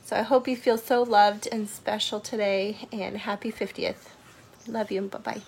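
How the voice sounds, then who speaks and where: A woman's voice: mid-range voice, fairly even intonation, normal speed, creaky, husky. A woman giving a casual birthday greeting, laughing now and then and restarting her sentences. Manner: warm and giggly, with small restarts. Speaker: friend sending a birthday message.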